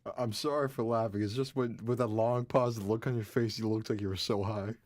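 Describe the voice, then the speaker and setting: A man's voice: on the low side, fairly even intonation, brisk, darkish tone, a little hiss or hum. A man interviewing a band on the radio, teasing and joking with his guests.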